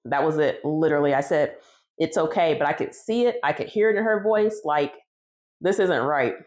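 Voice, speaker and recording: A home cake baker tells her story casually in a conversational vlog, retelling bits of dialogue. Her voice is low and a little mellow, with lively intonation and a moderate pace.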